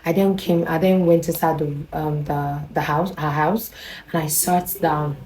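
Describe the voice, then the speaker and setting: A young woman with a Nigerian accent telling a personal story to camera in a rambling, animated way. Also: deep voice, a little slow, a little hiss or hum, rough recording. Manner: rambling, animated, with restarts and quoted dialogue. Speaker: vlogger.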